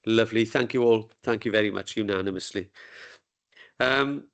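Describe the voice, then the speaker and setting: A man's voice: on the low side, moderate pace, gravelly. Genial man chairing a meeting. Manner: informal, genial and joking. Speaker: committee chair. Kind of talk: chairing a council committee meeting. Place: council meeting room, hybrid session.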